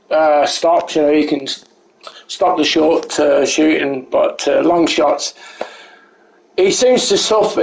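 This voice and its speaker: A man's voice: fairly high pitch, vocal fry, a little mellow, roomy sound, low-quality recording. A man giving rambling, self-correcting live commentary while he plays a game, chatting with his viewers. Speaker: streamer.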